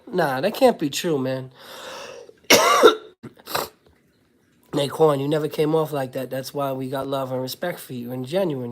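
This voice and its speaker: Guy with a cold on a live stream, coughing, cussing casually, shouting out his viewers and talking to his kid. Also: high voice. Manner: loose and profane, shouting out viewers by name, talking to his toddler son. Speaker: livestream host, former prisoner.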